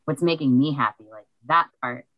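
A woman guest chatting excitedly from a small library recording studio into a cheap microphone. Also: a bass voice, normal speed, dry recording, dull audio. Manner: bubbly, excitable. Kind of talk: casual chat. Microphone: cheap desk microphone.

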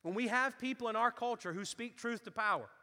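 Fervent high-voiced preacher, echoing hall. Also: male voice, a little fast. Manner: animated storytelling, acts out voices, builds to fervent intensity. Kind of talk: sermon. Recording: reverberant hall.

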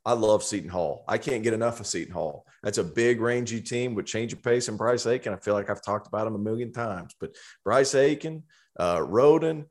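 A man from Tennessee with a Southern accent, co-hosting a casual sports chat with animated asides. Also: on the low side, fairly quick. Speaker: co-host.

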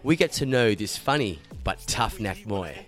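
A man's voice: on the low side, expressive, moderate pace, a bit bright, soft background music. A man hosting a podcast interview, chatting casually, swearing freely and calling his guest mate. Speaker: podcast host.

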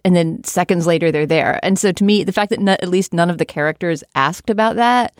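A woman's voice: fairly low pitch, a little fast, few pauses, dry recording, studio quality. A woman co-hosting a casual film discussion, articulate and wryly critical. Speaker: podcast co-host.

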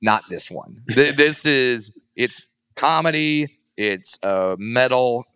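A man who works as a stand-up comedian, telling stories in a casual interview and animatedly acting out other people in a high voice. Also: takes it slowly, clear, resonant tone, dry recording, clean studio sound. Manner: animated, acts out quoted voices in a high pitch.

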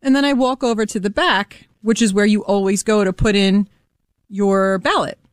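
A woman's voice: mid-range voice, steady tone, moderate pace, dry recording, clean studio sound. A woman co-hosting a talk radio show who tells stories animatedly and acts out the dialogue. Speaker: radio co-host. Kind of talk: casual talk radio chat. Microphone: studio microphone.

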